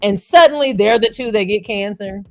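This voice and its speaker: A woman's voice: medium pitch, moderate pace, no echo, faint music behind. A woman hosting a livestream, blunt and sarcastic, reading viewer comments and laughing often. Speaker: livestream host.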